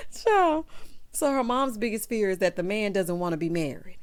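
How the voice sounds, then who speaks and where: Woman, sassy reality recap host, lively pitch, animated, casual commentary. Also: moderate pace. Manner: sassy, animated, laughs loudly, says "child" and "honey"; acts out cast members in high voices.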